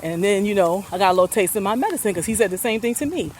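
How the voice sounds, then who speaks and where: A middle-aged woman telling a personal story to her viewers on a phone, chatty and laughing often, sometimes softening into earnest talk, a bit out of breath. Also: medium pitch, animated, rapid-fire. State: out of breath and sweaty. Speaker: vlogger. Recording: traffic noise behind her.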